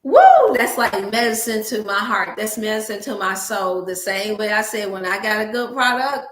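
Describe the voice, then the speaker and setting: A woman's voice: medium pitch, steady tone, moderate pace, pushed and bright, slight background noise. Heartfelt woman host with Black dialect. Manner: emotional, preachy, speaks to viewers as family. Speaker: wellness livestream host. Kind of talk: casual livestream talk to viewers. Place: home room. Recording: roomy echo.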